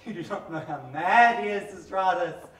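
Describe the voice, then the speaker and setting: A man acting a panicky, cowardly young slave in a stage play, shouting in fright. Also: high voice, normal speed. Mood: pleading. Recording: echoey hall, mic far off, faint audience.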